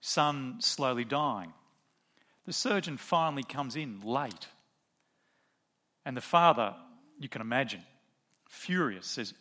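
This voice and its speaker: A man's voice: medium pitch, expressive, slow, pauses often, sharp tone. A middle-aged man preaching a sermon, telling a story and asking rhetorical questions of the congregation.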